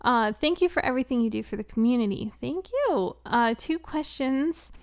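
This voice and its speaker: A woman chatting casually on a live stream, answering viewer questions. She speaks softly, drifts into whispers, giggles often, and fills her talk with "um" and "like.". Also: on the high side, lively intonation, moderate pace, no room sound. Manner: soft-spoken, drifts into whispers, many "um" and "like" fillers, giggly.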